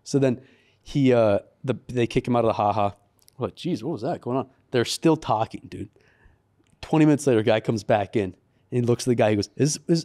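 Sounding like one of the co-hosts in a friendly group, a man recounts a story on a laid-back studio podcast, talking a little fast in a mellow, relaxed, mid-range voice. He lifts into a livelier, raised tone for the quoted lines.

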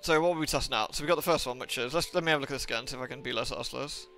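A man's voice: medium pitch, racing, gravelly, pushed and bright, soft background music. A young man streaming a game live, rambling to chat with lots of swearing and exasperated asides. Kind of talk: casual live-stream chat while gaming.

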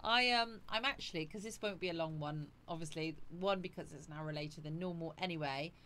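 A woman's voice: sits low, brisk, a bit bright. A woman on a casual livestream, chatting breezily, greeting viewers by name and laughing often. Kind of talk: casual live chat reading out viewer comments.

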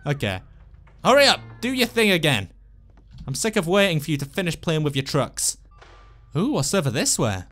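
A man giving lively, jokey gameplay commentary as a let's play host, talking to the characters on screen. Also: a little high. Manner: excitable, jokey, talks to the game characters.

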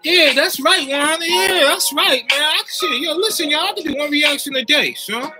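A man talking casually to his viewers on a livestream, slangy and animated, and he keeps checking in with his audience. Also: very high-pitched, moderate pace, over loud music. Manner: slangy, animated, keeps checking in with "you know what I mean". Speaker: YouTuber live-chatting with viewers.

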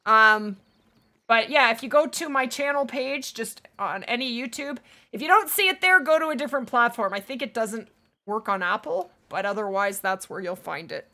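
A woman's voice: a little high, expressive, normal speed, sharp tone. A woman streaming a hunting game live, chatting casually and thanking viewers by name.

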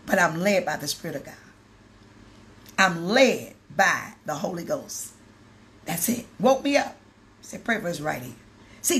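A woman bishop preaching, telling a story with acted-out dialogue and building to loud exclamations. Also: on the high side. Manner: animated storytelling, acts out dialogue, rises to exclamations. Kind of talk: sermon with storytelling.

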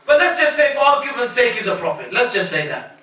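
A man's voice: extremely high pitch, very animated, fairly quick, pushed and bright. A man preaching a sermon with emphasis, putting rhetorical questions to his audience. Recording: echoey hall, voice from far off.

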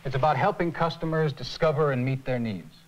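A man playing a calm, patient mentor. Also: medium pitch, a little fast, natural voice, low-quality recording. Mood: instructive. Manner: calm, instructive. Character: adult male customer-service mentor, calm and patient. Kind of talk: 1980s educational film acting. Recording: faint hiss on an old tape transfer.

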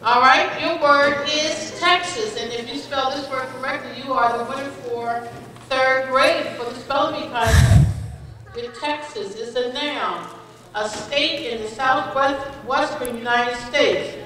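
A woman calling out words at a school spelling bee, giving each definition and a sample sentence in a slow, deliberate, clearly enunciated way, recorded from far off in an event hall. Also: high voice, a bit bright, slight background noise. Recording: echoey hall from far off with audience.

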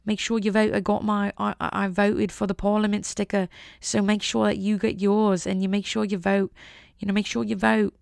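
A woman's voice: mid-range voice, little pitch movement, normal speed, creaky, a little mellow, dry recording, clean studio sound, lightly acted. A woman putting on the voice of a pushy, chatty British woman who keeps nagging people to vote. She says the same thing over and over in a preachy way.

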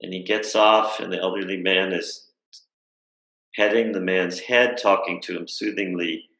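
Deep gravelly-voiced man telling a story. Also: fairly even intonation, a little slow, fairly bright tone, reverberant, low-quality recording. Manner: thoughtful, with frequent fillers and rhetorical "right?". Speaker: guest speaker. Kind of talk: reflective storytelling conversation. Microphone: video call.

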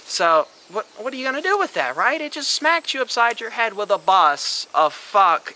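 A man's voice: a little high, sharp tone, a little hiss or hum, low-quality recording. A young man delivering an emphatic, lecturing monologue on a vlog, swearing freely as he argues his point. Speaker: vlogger. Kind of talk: opinionated monologue.

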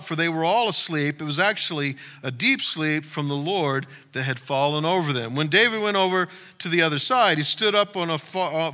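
Bright-voiced male pastor. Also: a little high. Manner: conversational, retelling a story with asides. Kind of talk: sermon. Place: church.

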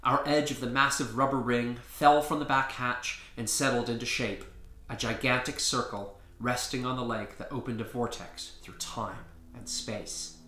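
A man reading his own story aloud in a lively storybook narration. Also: medium pitch, moderate pace, reverberant. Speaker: author reading his book.

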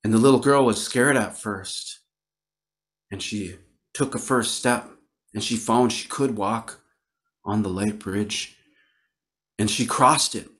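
A man from Northern Wisconsin tells a traditional story at an unhurried, very slow pace. His voice sits a bit low, and he lets pauses and repeated words carry the telling gently. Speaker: Ojibwe storyteller. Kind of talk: oral storytelling. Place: online virtual event.

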